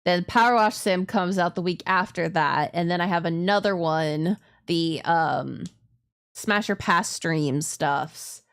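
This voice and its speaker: A woman's voice: lowish voice, slow pace, smooth. A woman streaming a video game, chatting casually in a rambling, self-deprecating way with lots of giggles.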